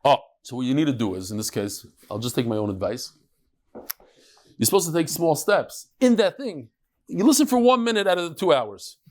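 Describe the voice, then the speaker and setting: A middle-aged man teaching a lively Talmud lesson to a live audience, mixing Hebrew and Yiddish terms and joking with listeners. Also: a little high, fairly quick. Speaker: rabbi teaching a daily Talmud class. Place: study hall with a live audience.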